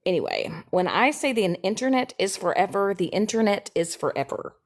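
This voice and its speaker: A woman chatting casually on a livestream, repeating herself and sliding from soft mutters into sudden high squeals. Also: expressive, a little fast. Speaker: TikTok live streamer. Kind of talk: casual rambling chat.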